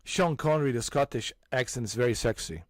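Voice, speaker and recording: Brief: man, 40s, lively casual host, emphatic jumps, mid pitch, dry close recording. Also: brisk, no echo. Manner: animated, restarts often, sudden emphatic rises. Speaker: gaming channel host. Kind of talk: casual chat.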